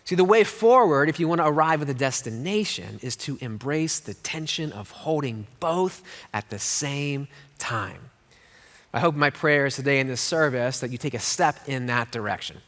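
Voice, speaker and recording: A man's voice: medium pitch, moderate pace. A middle-aged man preaching a sermon as pastor, telling stories with jokes and playful voices. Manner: animated storyteller with jokes and playful put-on voices. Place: church hall. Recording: long hall reverb.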